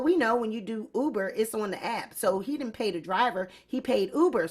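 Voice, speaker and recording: A woman hosting a celebrity gossip show, talking casually and sassily straight to her viewers. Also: sits high. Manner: sassy, talks straight to viewers. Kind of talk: casual commentary.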